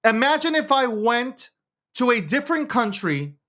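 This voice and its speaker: A show host delivers a sing-song political rant at normal speed, stumbling and starting over as he voices his opinions. His high voice rises and falls a lot, he laughs and curses freely, and the sound is pushed and bright.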